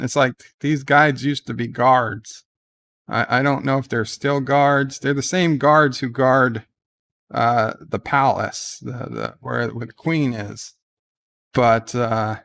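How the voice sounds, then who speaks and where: A man's voice: mid-range voice, creaky, a bit bright. A man hosting a casual livestream, reading viewer comments aloud and rambling on irreverently with plenty of fillers. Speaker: livestream host.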